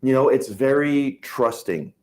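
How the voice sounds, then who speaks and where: A man in casual conversation about sales, talking fast and animatedly, often acting out quick impressions of others. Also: medium pitch, a little mellow. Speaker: Medicare sales agent. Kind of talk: casual chat.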